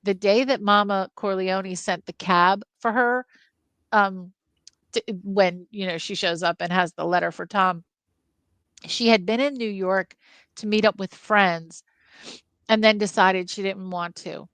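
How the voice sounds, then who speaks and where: A woman co-hosting a casual film podcast, retelling book scenes with lively storytelling. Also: mid-range voice, a little slow, smooth, no room sound. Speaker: film club podcast co-host.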